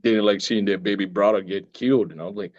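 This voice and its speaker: A man's voice: fairly low pitch, fast talker, muffled recording. A middle-aged man, an actor chatting casually as a guest and telling stories with lots of laughter. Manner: laughing, animated storyteller. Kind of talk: casual chat.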